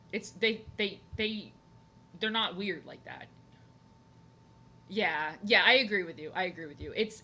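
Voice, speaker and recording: A woman's voice: medium pitch, pushed and bright, slight background noise. A young woman streaming while she draws, chatting casually and rambling, repeating her phrases with lots of fillers. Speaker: art streamer.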